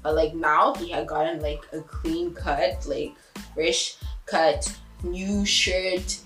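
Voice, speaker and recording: A young woman tells a casual anecdote slowly, laughing as she goes and acting out everyone's lines with big jumps in pitch. The room sounds spacious, with faint music behind her.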